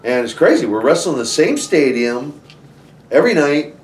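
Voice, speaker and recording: A man's voice: a little high, very animated, moderate pace, a little hiss or hum. A man guest on an interview, telling a story animatedly with lots of restarts and "you know"s. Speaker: interview guest, former wrestler. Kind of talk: conversational storytelling. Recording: roomy, somewhat distant from the mic.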